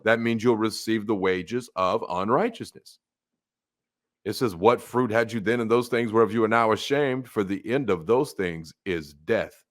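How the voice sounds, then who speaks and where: A man preaching a blunt, mocking sermon, dropping to low mutters and jumping to loud outbursts. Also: normal speed. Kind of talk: fiery street-style sermon.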